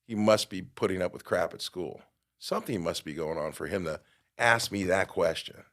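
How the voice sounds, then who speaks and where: A middle-aged man with a somewhat low voice tells a personal story on a podcast. He acts out other people's lines and swings from quiet asides to loud outbursts. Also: normal speed. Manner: animated storyteller, acts out quotes with big jumps in loudness. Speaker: guest.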